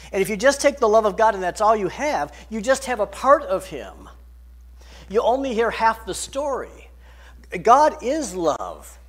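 A man preaching a sermon, emphatic, rising and falling in loudness and pace. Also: high-pitched. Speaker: pastor.

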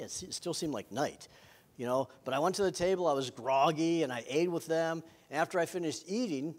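A man's voice: a little high, darkish tone. A middle-aged man, a pastor, preaching a sermon in an earnest way with self-deprecating humor.

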